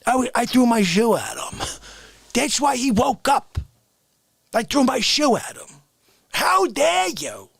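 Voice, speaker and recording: A man putting on a deep, gruff, indignant voice, scolding someone with a growl. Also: sing-song, slow, long pauses, fairly bright tone, no echo, studio quality, full character voice. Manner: indignant, growling, repeats "how dare you".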